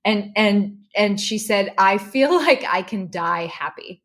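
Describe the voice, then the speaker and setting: Middle-aged woman, emotional storyteller, animated, mid pitch, restarts a lot. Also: slow. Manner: animated, restarts when moved. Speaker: podcast guest, correspondent.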